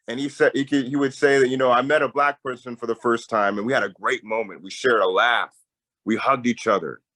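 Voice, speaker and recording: A young man, a peace campaigner, telling a story in a lively conversational way. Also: medium pitch, a little fast, poor audio. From Tacoma, Washington. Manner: animated storyteller, voice jumps up when excited.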